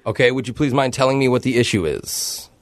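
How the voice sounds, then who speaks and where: A man on a radio show making a prank phone call, politely deadpan as a fake city clerk. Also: mid-range voice, brisk. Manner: mock-polite, deadpan, breaks into laughter.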